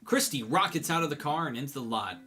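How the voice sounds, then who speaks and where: Man, let's play host, lively pitch, giggly, reads text over soft music. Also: fast. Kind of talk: casual gameplay commentary.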